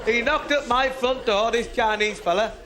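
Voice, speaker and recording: A man telling brash stand-up jokes with deadpan punchlines. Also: extremely high pitch, normal speed. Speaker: stand-up comedian. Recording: noisy live club recording. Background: loud audience laughter.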